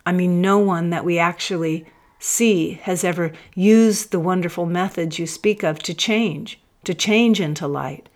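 A grieving, doubting man read by a woman speaks in a low voice. His words come halting and searching, as if he is struggling to believe. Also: a little mellow, natural voice. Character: grieving, doubting man who lost his wife and daughter.

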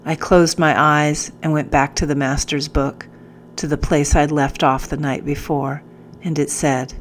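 Woman, audiobook narrator, low voice, slow, earnest, first-person story. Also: level tone, a little hiss or hum.

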